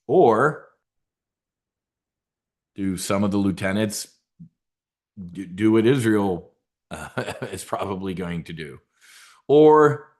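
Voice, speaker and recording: A man's voice: on the low side, slow, long pauses, a little mellow. A man hosting a trading show, talking in a rambling, casual way with many repeated words and asides to his viewers. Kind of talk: casual market commentary.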